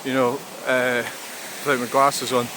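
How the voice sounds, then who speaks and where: A Scottish vlogger walks by a river, chatting casually to the camera in a mid-range, level voice. He rambles and swears now and then, with a rushing stream audible outdoors.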